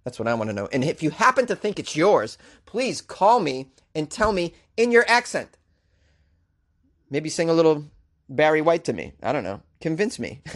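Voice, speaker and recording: Wry joking man with a Boston accent. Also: on the high side. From Boston area. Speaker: comedian and news show host. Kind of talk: comic news commentary.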